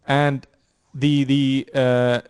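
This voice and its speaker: A male university lecturer explains concepts to a class, stumbling through fillers and repeated words as he goes. His voice sits at a middle pitch and is recorded dry, with almost no room echo. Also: level tone, a little mellow, clean tone. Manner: halting, many fillers and restarts.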